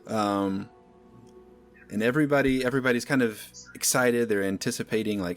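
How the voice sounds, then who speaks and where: A man narrating a tabletop game as game master in a relaxed, rambling way, often pausing with fillers. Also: lowish voice, soft background music.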